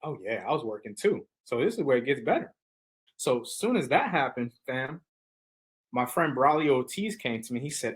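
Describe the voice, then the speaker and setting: A man who is a podcast guest and motivational speaker, telling stories in a lively, slangy, preacher-like way. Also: medium pitch, moderate pace, breathy edge, rough recording. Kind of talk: energetic storytelling in casual chat.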